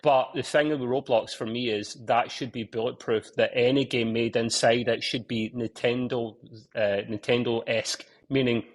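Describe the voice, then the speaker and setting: A man's voice: medium pitch, fairly even intonation, moderate pace, few pauses. A man hosting a gaming podcast in casual chat, joking and teasing his co-hosts but speaking earnestly about serious points.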